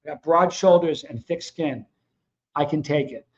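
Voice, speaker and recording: A man's voice: on the high side, moderate pace. A man hosting his own livestream, talking casually and bluntly to his viewers in a fired-up, confrontational way. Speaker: host of a livestream show. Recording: dull lo-fi sound.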